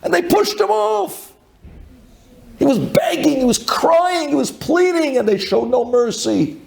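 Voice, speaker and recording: A man, a rabbi, giving a sermon dramatically, swinging from loud pleading to hushed intensity. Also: very high voice, lively intonation, unhurried, vocal fry.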